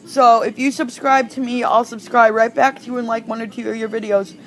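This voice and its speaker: A woman giving an informal online language lesson, hesitant with frequent ums and restarts, slowing down to pronounce example phrases. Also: on the high side, steady tone, slight background noise. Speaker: language tutor.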